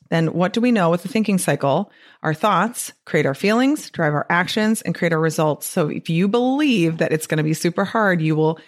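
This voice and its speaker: A woman from the Midwest with a Wisconsin accent, hosting a podcast in a chatty, upbeat way and laughing often. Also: on the low side. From American Midwest. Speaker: podcast host. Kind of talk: casual solo podcast talk.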